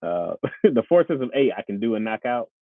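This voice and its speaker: A man in his thirties chatting casually with viewers on a live stream. He is animated and laughs often. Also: fairly quick, no echo. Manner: animated, laughs often, jumps into high voices. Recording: tinny phone-like, dry.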